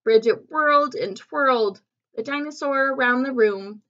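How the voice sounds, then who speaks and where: A woman reading a picture book aloud to children, expressive and pausing to ask the listener questions. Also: high voice, muffled recording. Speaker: storybook reader.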